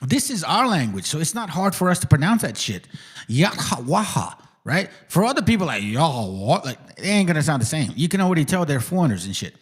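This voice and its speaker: A man in casual livestream chat, explaining a pronunciation by repeating it slowly, loose and swearing. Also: on the high side, sing-song, slightly rough. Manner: loose, cursing, repeats words slowly to demonstrate.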